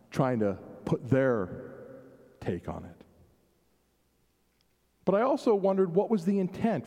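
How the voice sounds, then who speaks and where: A man's voice: medium pitch, warm tone. A man preaching a sermon in a reflective way, shifting his emphasis and acting out the questions he quotes. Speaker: pastor. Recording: long hall reverb.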